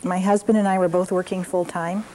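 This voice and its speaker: A woman's voice: fairly low pitch, level tone, brisk, mellow, poor audio. An older woman leading an evening parenting class, telling stories and examples with frequent fillers.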